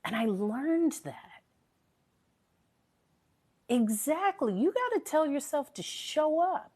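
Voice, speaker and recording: Woman, live-stream host, motivational, earnest, repetitive emphasis, slightly high voice, a bit worn. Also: sing-song, slow pace, mellow. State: recovering from a sore voice. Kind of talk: casual live-stream chat.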